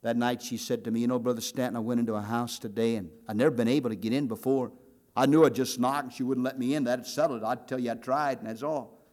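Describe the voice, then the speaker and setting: A man's voice: mid-range voice, fairly even intonation, quick pace, a little mellow. An older man preaching a sermon, telling folksy stories and acting out voices in quoted dialogue. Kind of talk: sermon with storytelling.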